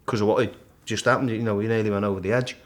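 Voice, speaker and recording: A middle-aged man, a guest in a casual interview, vividly retelling his climb and acting out the shouts and thoughts along the way. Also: lowish voice, very fast. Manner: animated storyteller, acts out his own shouts and thoughts. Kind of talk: storytelling in casual conversation.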